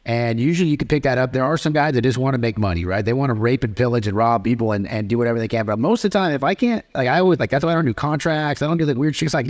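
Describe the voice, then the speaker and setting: A man in his thirties hosting a podcast, telling stories in casual conversation with lots of profanity and animated asides. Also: medium pitch. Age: 30s. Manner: rapid, profane, animated storytelling. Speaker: podcast host.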